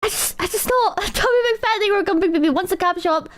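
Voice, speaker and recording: A woman streamer chatting with her viewers in a casual, animated, mocking way as she reacts to a clip. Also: very high-pitched, quick pace. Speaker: streamer host.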